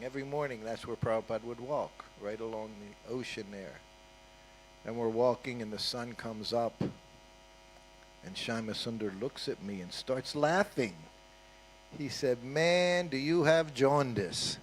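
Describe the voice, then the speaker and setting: An older man speaks at a medium pitch, telling stories to a gathering in a loose, conversational way. He drops frequent asides and checks in with his listeners as he goes. A faint hum sits under his voice. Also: low-quality recording. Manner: conversational, with frequent "you know" and "huh?" asides. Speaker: guest speaker at a temple. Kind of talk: anecdotal storytelling talk.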